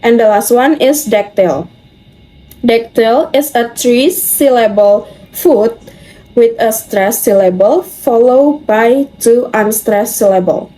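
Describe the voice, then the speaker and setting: A young woman reading a class presentation aloud from a script, steady with small slips. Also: a little high, slow pace, low-quality recording. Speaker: student presenter.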